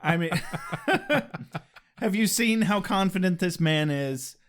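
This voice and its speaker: A man's voice: high voice, animated, slow. A man co-hosting a podcast, chatting casually and joking, with casual swearing. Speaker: podcast co-host. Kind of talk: casual chat.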